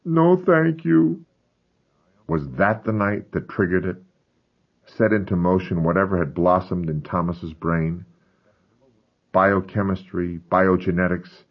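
A man's voice: deep voice, slightly rough. A man narrating a first-person memoir with grave, intense storytelling, on a dull lo-fi recording. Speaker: audiobook narrator.

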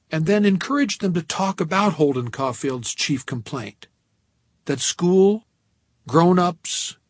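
A man with a medium-pitched voice and vocal fry narrates an audiobook in a wry, measured storytelling manner. He is recorded close to a studio microphone, with no echo.

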